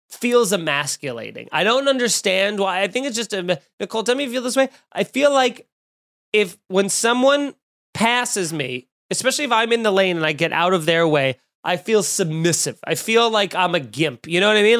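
A man hosting a podcast, ranting with jokes and swearing in casual chat. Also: sits high. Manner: animated, profane, joking rants. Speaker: podcast host. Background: eating and drinking at the mic.

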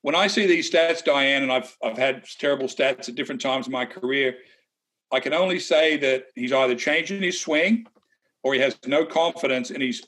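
A man's voice: mid-range voice, fairly bright tone. A middle-aged man, a former tour player, co-hosting a casual golf betting chat, blunt and opinionated with some teasing.

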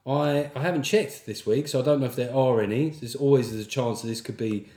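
A man's voice: medium pitch, brisk, dark tone, echoey room. A man hosting a podcast, delivering a sweary, jokey comic monologue and reading out listener reviews. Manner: sweary, jokey, slips into mock accents. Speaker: podcast host.

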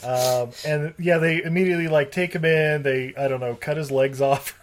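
A man's voice: fairly high pitch, steady tone, normal speed. Rambling, laughing male podcast host. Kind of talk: casual movie-review chat.

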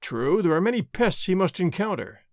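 A man's voice: sits high, sing-song, moderate pace, a little mellow, no echo, clean studio sound. A man reading aloud as a proud, easily stung army captain in an old adventure storybook, haughty and bristling.

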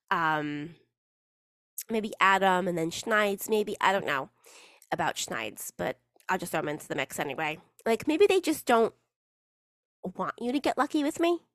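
A woman rambles through a casual solo podcast, playful and chatty with a swear word here and there. Her pitch swings up and down with lots of life. Her voice sits at a middle height and sounds close and dry, with no room around it. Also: a bit bright, no echo. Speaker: podcast host.

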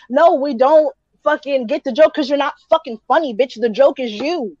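Woman, high voice, sarcastic profane rant, dull dry recording. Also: moderate pace, hardly any pauses, a little mellow, no room sound. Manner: heated, sarcastic, cursing. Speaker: podcast co-host. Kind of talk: profane ranting commentary.

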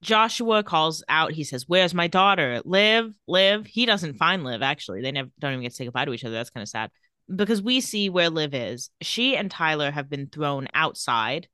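A woman co-hosting a casual recap chat, retelling scenes and reading out the characters' lines in a flat voice. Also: low voice, a little fast, dry recording, clean studio sound. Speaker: podcast co-host.

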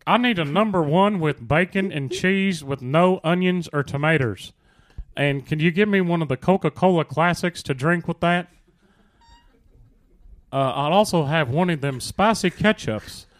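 A man doing an impression of a middle-aged Texan dad, drawling and deadpan. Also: fairly high pitch, normal speed, pitched above the performer's own voice, close to an everyday voice.

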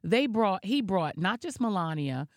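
A woman co-hosting a casual chat podcast, telling stories in an animated, gossipy way. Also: medium pitch, unhurried, dry recording, studio quality. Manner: animated storytelling, gossipy asides. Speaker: podcast co-host.

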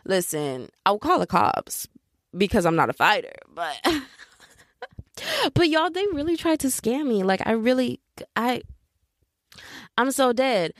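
A young woman hosting a podcast, telling a story in a casual, animated way and mocking other people in impressions. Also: on the high side, takes it slowly, long pauses, no room sound, studio quality. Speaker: podcast host. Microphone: podcast mic.

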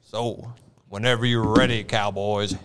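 A man's voice: fairly low pitch, steady tone, measured pace, fairly bright tone, slight background noise. A man leading a segment in casual podcast banter, giggling often. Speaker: podcast co-host running the segment.

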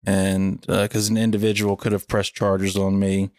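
Young male podcast host, low and even-toned, halting with many fillers, clean dry sound. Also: no echo. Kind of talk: casual reflective chat.

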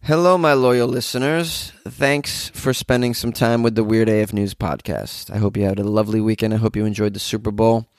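A man's voice: fairly low pitch, fairly even intonation, a little fast, few pauses, dry recording, clean studio sound. Hungover sarcastic male podcast host. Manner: sarcastic, rambling. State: hungover, low energy. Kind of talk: comedic news commentary.

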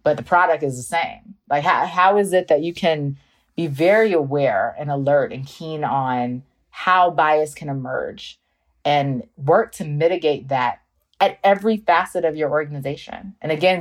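Low-voiced woman from North Carolina. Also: moderate pace. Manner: earnest, thoughtful, laughs at herself. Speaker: guest, researcher. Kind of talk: interview conversation.

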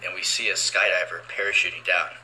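A young man speaks in a deep, low register with a strikingly bright, sharp tone. He tells his testimony haltingly and earnestly, stopping and restarting often. A faint hiss sits under his clip-on mic. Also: little pitch movement, rough recording. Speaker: storyteller sharing a testimony. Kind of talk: personal testimony, casual retelling.

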